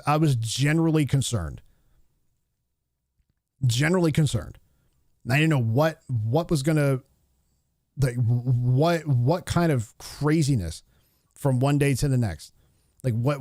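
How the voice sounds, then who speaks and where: A man's voice: a little high, darkish tone, dry recording, clean studio sound. A man in his thirties hosting a live stream, ranting casually in a heated, rambling way with blunt, profane asides and many restarts.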